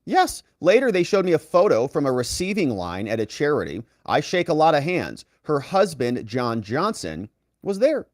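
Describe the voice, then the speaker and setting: A man working as a legal commentator, reading out courtroom testimony and lifting his voice for quoted lines, with quick asides to the viewer. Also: on the high side, dry recording, studio quality. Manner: reads quoted dialogue in a raised, lively voice.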